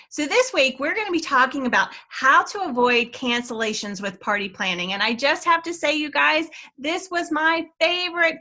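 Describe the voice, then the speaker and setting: Bright, peppy Southern woman trainer. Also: on the high side. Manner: enthusiastic, chatty, laughs at own slips. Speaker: sales trainer, webinar co-host. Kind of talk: upbeat training talk with personal stories.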